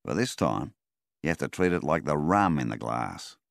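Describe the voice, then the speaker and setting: A man voicing a folksy middle-aged farmer in a storybook reading, speaking slowly and sagely. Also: a bass voice, big pitch swings, vocal fry, dry recording, studio quality, full character voice. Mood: wise.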